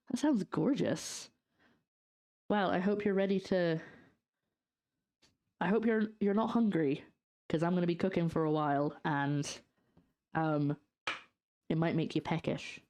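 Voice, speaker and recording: A young woman with a Scottish accent chats her way through a home cooking livestream. Her voice sits slightly low, and she drifts between topics, answering viewers as she goes, trailing off with ums and half-finished thoughts. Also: a little slow, pauses often, mellow. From Scotland. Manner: chatty, reads out and answers chat, trails off in fillers. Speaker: streamer. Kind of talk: casual cooking livestream chat. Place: home kitchen.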